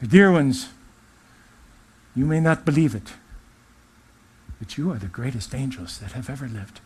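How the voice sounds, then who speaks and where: A man channeling a benevolent otherworldly male spirit, giving a gentle, uplifting spiritual address in a put-on English-sounding accent. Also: mid-range voice, lively intonation, unhurried, a little hiss or hum, natural voice.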